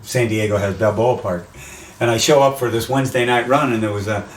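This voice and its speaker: A man's voice: fairly low pitch, fairly quick, distant mic. Older American man telling stories. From USA. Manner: animated anecdotes, acts out quoted voices. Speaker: race announcer, guest. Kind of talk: casual interview storytelling. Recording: roomy, off-mic, faint background noise.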